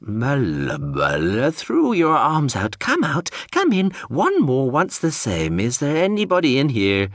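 A man voicing a malfunctioning drone that babbles high-pitched nonsense and laughs. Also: huge pitch swings, measured pace, few pauses, dry recording, clean studio sound. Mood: manic babbling.

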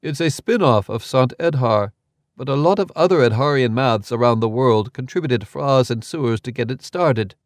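A level-headed man lays out his reasoning in a steady, matter-of-fact way, as voiced by a male narrator. The read is dry and close, with no room around it. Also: mid-range voice, moderate pace, no room sound, natural voice. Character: calm, precise, lecturing man.

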